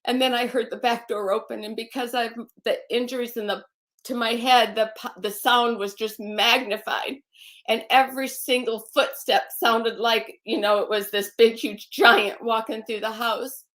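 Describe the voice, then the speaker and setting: A woman giving a halting, emotional personal testimony as a guest, often repeating her phrases and turning to scripture. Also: fairly high pitch, fairly even intonation, a bit bright. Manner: religious, recites scripture.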